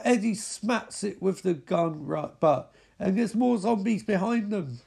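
A man's voice: high-pitched, measured pace, vocal fry, few pauses, warm tone, husky. A man giving a mocking, profane recap of a zombie film with lots of exclamations. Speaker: film commentator.

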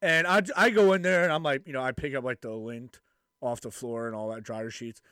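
A man's voice: medium pitch, steady tone, a little fast, fairly bright tone, smooth, dry recording, clean studio sound. A young man co-hosting a podcast, swearing a lot and telling stories through laughs. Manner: profane, laughing storyteller, acts out quotes. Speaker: podcast co-host. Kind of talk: casual chat.

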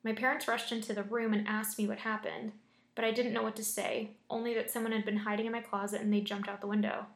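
A woman's voice: mid-range voice, flat delivery, fast talker, gravelly. A young woman reading scary stories aloud and chatting about them between stories, using lots of fillers when she reacts. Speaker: story reader and host. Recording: roomy echo.

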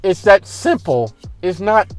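A man's voice: sits high, very animated, slow pace, faint music behind. A young man telling a story in a casual, profane, exasperated rant full of slang.

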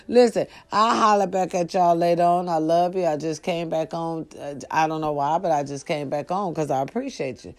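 A woman vlogger talking straight to her followers in a casual, preachy, profane monologue that swings from low murmurs to loud outbursts. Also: moderate pace, few pauses. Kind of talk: casual direct-to-camera monologue.

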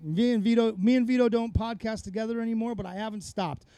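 A man's voice: sits high, fairly even intonation, fast, warm tone, clear, resonant tone, no room sound. A man, a podcast guest, telling rambling, profane stories in a casual chat on a close mic. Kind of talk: casual conversational storytelling.

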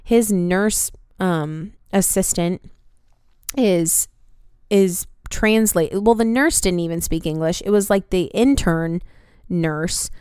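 An American woman in her twenties hosts a podcast, telling a story in an animated, casual style and swearing freely. Her voice is lowish, smooth and clear, with a slow pace, and the close, dry recording has no echo.

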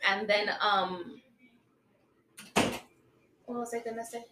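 A woman's voice: medium pitch, steady tone, slow, reverberant, heavy background noise. A woman in her thirties in a casual podcast chat, blunt and laughing, mixing English and Spanish. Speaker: podcast co-host.

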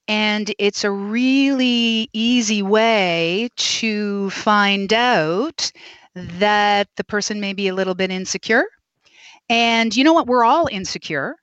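A woman's voice: medium pitch, slow, no echo, highs cut off. A woman speech pathologist talking expressively as a guest on an interview podcast. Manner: animated, expressive, dramatizes quotes.

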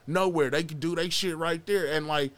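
A man's voice: fairly high pitch, steady tone, normal speed, fairly bright tone. A man as a podcast guest, telling a story casually in loose slang with heavy swearing.

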